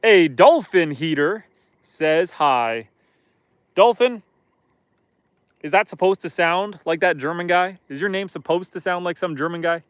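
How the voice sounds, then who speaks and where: Chatty, clear-voiced man on a lake. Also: high voice, expressive, measured pace, dry recording. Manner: chatty, self-deprecating, joking. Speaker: live-stream host. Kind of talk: casual live-stream chat, reading viewer comments. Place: outdoors on a lake, in a boat.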